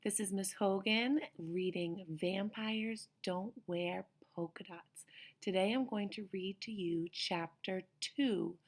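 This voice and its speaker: Slow, gravelly-voiced woman teacher reading aloud. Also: medium pitch. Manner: gentle, explains words for children. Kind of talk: children's read-aloud.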